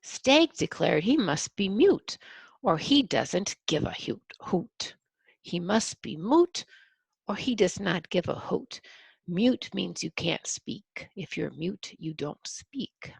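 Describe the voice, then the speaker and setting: An older woman, a grandmother, reading a picture book aloud to a child, gently explaining and counting along. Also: fairly low pitch, big pitch swings, slow, gravelly, husky, no room sound.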